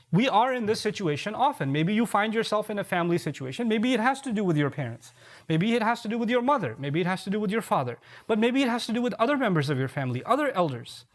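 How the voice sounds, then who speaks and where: Man, preacher, sermon, high voice, rhetorical questions, repeats key points. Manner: recites Arabic verses quickly. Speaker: preacher giving a Friday sermon.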